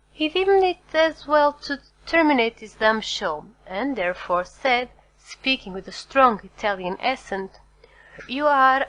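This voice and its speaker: A woman reading a classic novel aloud as audiobook narrator, steady and formal. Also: mid-range voice, rough recording. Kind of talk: scripted narration.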